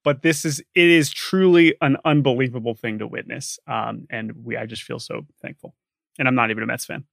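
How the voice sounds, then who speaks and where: A young man co-hosting a podcast in casual chat, animated and peppering his speech with fillers. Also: medium pitch, fairly quick, creaky, no room sound, studio quality. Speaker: podcast co-host.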